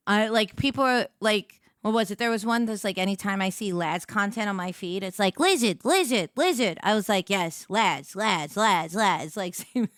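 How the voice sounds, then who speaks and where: A woman's voice: medium pitch, no echo. A woman livestreamer chatting casually with her viewers, giggly and rambling, on a close desk microphone. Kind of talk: casual stream chat.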